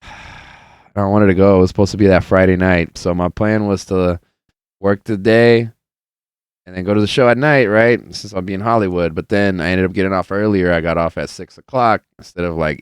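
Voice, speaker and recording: Man, podcast host, low voice, smooth and clear, laid-back rambling, swears a lot. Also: fairly even intonation, normal speed, dry recording. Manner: rambling, profane, laid-back storytelling with many fillers. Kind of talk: casual solo podcast life update.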